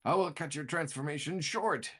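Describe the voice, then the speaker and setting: A man doing a brash barbarian lumberjack, loud and high. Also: normal speed, slightly rough. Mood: triumphant.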